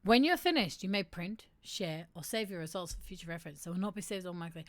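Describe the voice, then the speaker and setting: A young woman hosting a casual livestream, reading aloud and chatting, animated, laughing and swearing now and then. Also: fairly low pitch, fast talker, no room sound. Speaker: streamer hosting a mental health segment.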